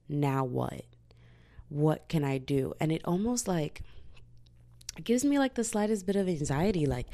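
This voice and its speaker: Young woman vlogger, lowish gravelly voice, casual chatty delivery full of fillers. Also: warm tone. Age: young adult. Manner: chatty, filler-heavy with frequent "like". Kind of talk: casual confessional vlog monologue.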